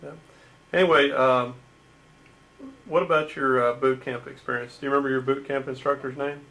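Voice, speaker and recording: A man interviewing his father for a home video, asking slow, prompting questions. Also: mid-range voice, fairly even intonation, fairly bright tone, low-quality recording. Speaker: interviewer, veteran's son.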